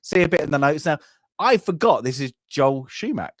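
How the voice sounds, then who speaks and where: A man's voice: on the high side, animated, no room sound. Rambling man, dry sound. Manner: rambling, halting, restarts phrases. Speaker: film podcast co-host. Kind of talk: casual film discussion. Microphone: video call.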